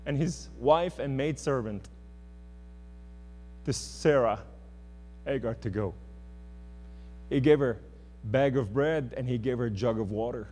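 A man preaching a sermon in church, impassioned, swinging between loud outbursts and hushed words. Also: mid-range voice, a little slow, pauses often. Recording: hum in a reverberant hall.

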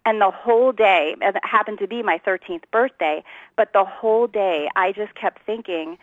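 A woman from New Jersey, a guest telling her personal story in a lively, conversational way and laughing often. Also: medium pitch, normal speed, no echo, phone-quality sound. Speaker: interview guest.

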